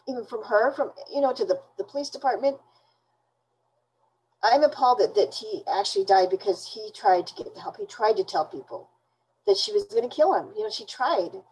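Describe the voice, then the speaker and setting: Woman guest, kinda husky, stops and restarts a lot, sounds appalled. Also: a little high, a little mellow, poor audio. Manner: halting, restarts often, indignant. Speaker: interview guest. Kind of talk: casual recounting in an interview.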